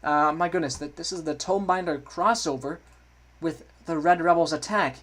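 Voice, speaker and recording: A man with a fairly high voice talks through a game as he plays, chatty and easily excited. He restarts sentences often and thinks out loud in a loose, let's play way. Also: normal speed. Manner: chatty, self-correcting, excitable. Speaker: gaming video creator.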